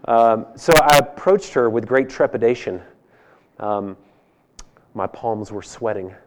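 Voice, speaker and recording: A man in his thirties preaching, telling a funny personal story that swings between loud and hushed delivery. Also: mid-range voice, unhurried. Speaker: pastor. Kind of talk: sermon. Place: church hall.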